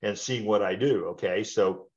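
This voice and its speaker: A man's voice: fairly low pitch, moderate pace, dull audio. A man in his sixties giving an informal training webinar, talking in a rambling, conversational way and checking in with tag questions. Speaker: webinar presenter.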